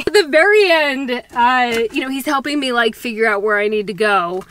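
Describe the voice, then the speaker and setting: High-voiced, laughing woman vlogger. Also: normal speed, slight background noise. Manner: animated, self-mocking, laughs often; quotes people in acted voices. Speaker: travel vlogger. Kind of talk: casual storytelling vlog.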